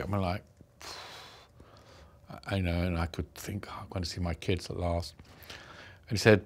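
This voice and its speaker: This is a British interview guest, a middle-aged man whose voice sits on the low side. Sharing his own story, he speaks slowly and thoughtfully, stumbling and starting over again and again.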